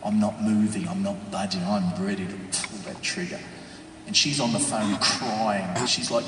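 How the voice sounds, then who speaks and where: A man's voice: lowish voice, fairly even intonation, normal speed, distant mic, noisy background. Man testifying in echoey hall. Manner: emotional storytelling, swinging from hushed to shouting. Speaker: speaker giving a testimony. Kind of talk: dramatic testimony to an audience. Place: stage in a large venue.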